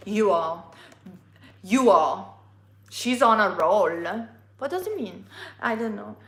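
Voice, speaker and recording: Bright-voiced chatty woman tarot reader. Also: medium pitch, slow pace, long pauses, echoey room. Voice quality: non-native English. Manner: chatty and expressive, playful asides. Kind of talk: casual tarot reading for viewers.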